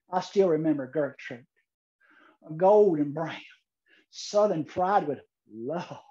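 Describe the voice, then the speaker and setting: A man giving a humorous keynote speech, telling a story deadpan with dramatic pauses. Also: fairly high pitch, lo-fi sound. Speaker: keynote speaker.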